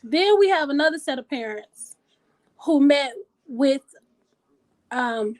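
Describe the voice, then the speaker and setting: A woman hosting a casual talk show, blunt and profane, animated and thinking out loud. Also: high voice. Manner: animated, blunt and profane, pausing to reason aloud. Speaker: host.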